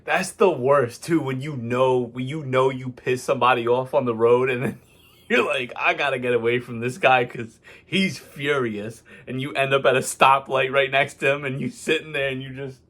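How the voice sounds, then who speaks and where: A man's voice: medium pitch, moderate pace. A man hosting a reaction video, chatting casually in slang and laughing often between remarks. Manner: laughs often, relaxed slang-filled banter.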